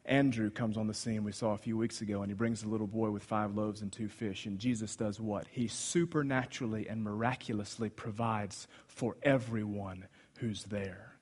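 A man preaching a sermon, swinging between loud exclamations and hushed asides as he retells a Bible story. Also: on the low side, steady tone, moderate pace, slightly rough. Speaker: pastor.

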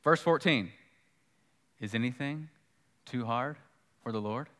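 A man's voice: mid-range voice, measured pace, a bit bright, long reverb tail. A man preaching a sermon in a conversational way, repeating key points for emphasis and acting out the dialogue of scripture. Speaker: pastor.

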